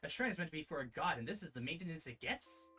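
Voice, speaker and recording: A man's voice: on the high side, expressive, quick pace, sharp tone, faint music behind. Man doing a haughty ancient fire goddess. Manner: grandiose, scolding, formal speech.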